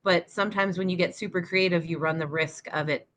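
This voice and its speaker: A woman's voice: lowish voice, fairly even intonation, a little fast, fairly bright tone. A woman who teaches yoga, co-hosting a podcast in casual chat, talking emphatically and swearing for emphasis.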